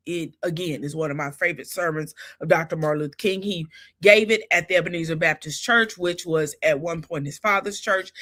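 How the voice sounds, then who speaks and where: Female livestream host, bright and punchy, casual chat with a lot of "honey" and "child.". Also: deep voice. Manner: animated, Southern-style endearments like honey and child. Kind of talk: casual live chat recap.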